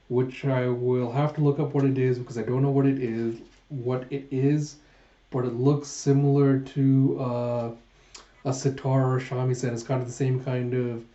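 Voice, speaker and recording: Male manga reviewer reading aloud, casual, mellow, echoey and a bit dull. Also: mid-range voice. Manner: casual, often correcting names. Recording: echoey room, dull sound.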